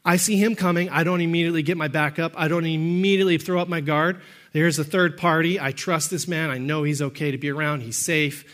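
A man with a notably high voice delivers a sermon as pastor. He preaches emphatically, pushing up to shouts on key points, then slips into quick, conversational storytelling. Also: fairly even intonation.

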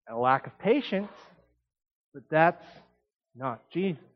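A man preaching a sermon in an animated, conversational way, with emphatic asides. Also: high voice, lo-fi sound.

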